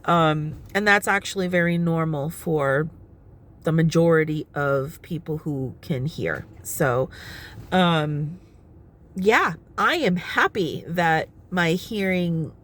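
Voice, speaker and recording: A woman's voice: on the low side, fairly bright tone. A middle-aged woman vlogging casually from her car, chatty and often laughing as she explains at length. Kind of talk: casual talking-head vlog. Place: inside her parked car. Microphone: phone propped on the steering wheel.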